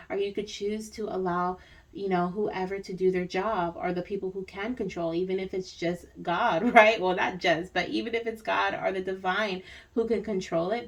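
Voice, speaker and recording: A woman giving a spiritual reading in a relaxed, chatty way. She wanders through her thoughts with many fillers and tag questions, and her voice sits at an ordinary pitch. She is recorded from a little way off the mic. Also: far from the mic. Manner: rambling, reassuring, frequent fillers and tag questions. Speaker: spiritual reader.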